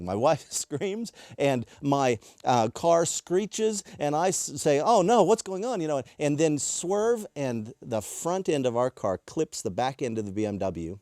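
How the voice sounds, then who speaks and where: A man, a preacher, telling a personal story in a lively way and acting out what people said. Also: medium pitch, no echo, clean studio sound. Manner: lively retelling with acted-out quotes. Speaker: preacher and workshop presenter.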